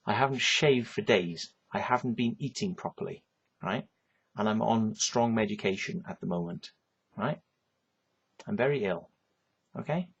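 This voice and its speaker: A man's voice: mid-range voice, slightly rough, dull audio. A man, ranting at the camera in an agitated, repetitive monologue that is full of swearing, tagging his lines with "right?". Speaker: vlogger.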